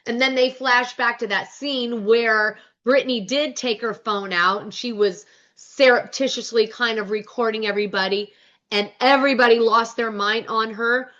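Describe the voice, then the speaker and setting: Bright-voiced woman recapping gossip. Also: a little high, fairly even intonation, moderate pace, muffled recording. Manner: storyteller who acts out quoted dialogue. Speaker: podcast host. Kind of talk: casual pop-culture recap.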